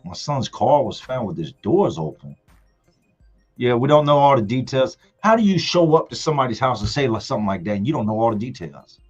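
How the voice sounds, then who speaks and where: A man's voice: mid-range voice, expressive, fairly quick, darkish tone, husky. A middle-aged man telling a story from his family on a live stream, emphatic and repeating words for effect. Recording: dull lo-fi sound with faint music.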